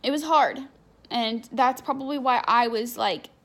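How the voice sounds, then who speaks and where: A woman's voice: on the high side, a little slow, a bit bright. A young adult woman telling a candid personal story in a chatty, unfiltered way, full of fillers. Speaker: vlogger.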